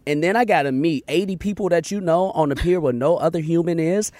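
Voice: medium pitch, fairly quick, a little mellow, no echo. A podcast co-host giving blunt, laughing opinions on a dating show. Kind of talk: casual chat recapping a dating show.

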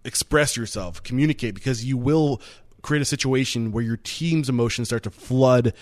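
A man's voice: mid-range voice, moderate pace. A man hosting an interview, summing up his guest's points in a reflective way. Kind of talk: casual interview talk.

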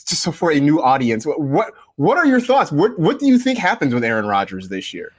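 A man with a lively, expressive voice hosts a casual sports podcast in a laid-back way. His voice is recorded dry and close, with no room sound. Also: fairly high pitch, fairly quick, breathy edge, no room sound. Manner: laid-back, laughs along and asks questions. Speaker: podcast host.

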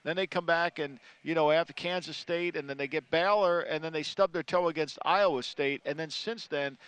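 A man's voice: on the high side, moderate pace, fairly bright tone, clear, resonant tone, no room sound. A man analyzing college football in casual talk, emphatic and repeating "I think".

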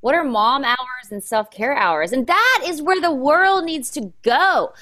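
A woman's voice: sits high, expressive, a little slow, pushed and bright. A woman interviewing a guest, speaking emphatically and getting emotional about her point. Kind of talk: casual interview conversation.

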